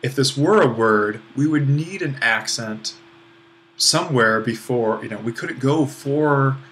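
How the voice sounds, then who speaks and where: A Greek language instructor with a mid-range, fairly bright voice teaches a recorded online lesson on Greek accents. He goes step by step at an unhurried, easygoing pace, using fillers and making self-deprecating asides.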